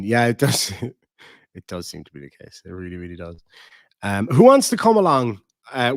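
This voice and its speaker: A man's voice: fairly low pitch, no echo, clean studio sound. An Irish man hosting a casual livestream, swearing bluntly as he reads and answers chat comments. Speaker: livestream host.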